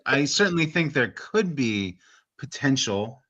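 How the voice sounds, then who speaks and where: Lively, excitable podcast co-host man. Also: mid-range voice, dull audio. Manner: enthusiastic, quick agreement. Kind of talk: casual chat.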